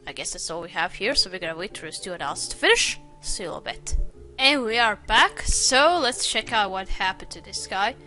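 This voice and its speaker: A woman's voice: medium pitch, lively intonation, fairly quick, bright, forceful tone, faint music behind. A woman giving casual gameplay commentary while playing a detective game. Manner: casual, reads game dialogue aloud. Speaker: game streamer.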